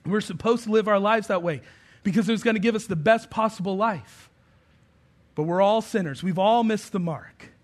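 A man in his thirties preaches in a relaxed, conversational style, with a fairly high voice. He leans on humor and family stories. He builds to emphatic, raised points. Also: moderate pace. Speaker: pastor. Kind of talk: sermon.

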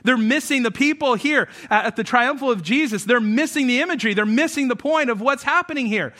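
A man preaching as pastor, talking in a casual, joking way and reading scripture aloud slowly. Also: extremely high pitch, sharp tone. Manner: casual and joking, acts out everyday scenes. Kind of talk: sermon.

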